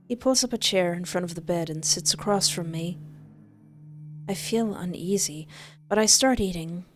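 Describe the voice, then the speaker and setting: A woman reading a visual novel aloud in first person, expressive, with exasperated asides. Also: lowish voice, moderate pace, soft background music. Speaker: game player narrating.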